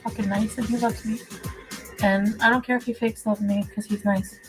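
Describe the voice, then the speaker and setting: A woman's voice: on the high side, steady tone, normal speed, soft background music, rough recording. A drunk woman from Canada ranting and swearing on a livestream, slurring her words.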